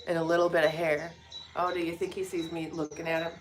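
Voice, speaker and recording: A woman's voice: lowish voice, flat delivery, fast talker, faint music behind. A woman vlogging in a casual morning chat, joking and talking to her dogs. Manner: chatty, joking asides, talks to her dogs. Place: indoors by a window, birds outside. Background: birdsong.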